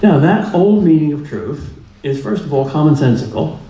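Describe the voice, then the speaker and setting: A man's voice: on the high side, lively intonation, moderate pace, warm tone. A man giving a public lecture in a plainspoken, humorous way, driving points home through repetition. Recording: echoey room with faint ambience.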